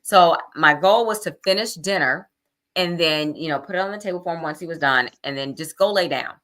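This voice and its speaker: A woman's voice: low-pitched, fairly quick, a bit bright. A middle-aged woman casually telling an anecdote, animatedly acting out her own quoted thoughts. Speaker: guest storyteller.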